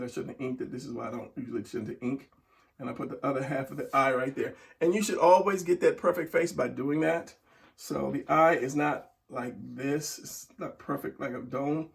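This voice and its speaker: A man's voice: medium pitch, vocal fry, far from the mic. A middle-aged man teaching a casual drawing tutorial, talking while he draws and trailing off into murmurs. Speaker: drawing instructor.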